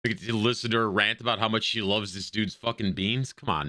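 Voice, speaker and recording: A man's voice: on the low side, steady tone, fast, hardly any pauses, sharp tone, dry recording, studio quality. A male streamer giving profane, slangy, sarcastic commentary as he plays a role-playing game. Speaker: gaming streamer. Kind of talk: let's play commentary.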